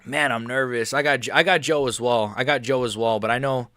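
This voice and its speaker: A young male streamer talking in a loose, rambling way, jumpy with nerves and hype. His voice sits at a middle pitch, and the sound is dry and close with no echo. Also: brisk. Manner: excitable, rambling, keeps saying he's nervous. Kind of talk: live watch-along chat.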